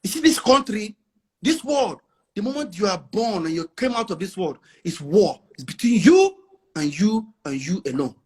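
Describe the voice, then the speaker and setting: A man's voice: high-pitched, expressive, moderate pace, slightly rough. A middle-aged Nigerian man with a Nigerian accent, talking casually as an interview guest, boastful and emphatic, mixing in pidgin. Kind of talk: casual chat.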